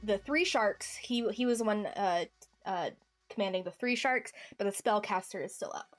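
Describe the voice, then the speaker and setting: A woman runs a tabletop game at a middling pitch, narrating in a halting way full of fillers and restarts. Faint music plays underneath her. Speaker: game master.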